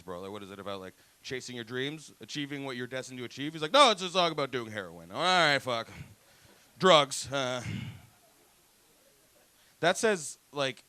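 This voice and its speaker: Stand-up comic, thirties, Toronto accent, bright voice, laughs through his lines. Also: mid-range voice, clean tone. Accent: Toronto English. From Toronto, Canada. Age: 30s. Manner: profane, laughing, acts out voices. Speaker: stand-up comedian. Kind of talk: stand-up comedy set. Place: comedy club stage.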